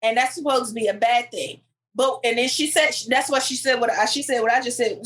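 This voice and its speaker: Animated woman podcast co-host. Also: fairly high pitch, brisk, rough recording. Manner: animated storyteller, retells clips with quoted voices. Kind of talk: casual chat.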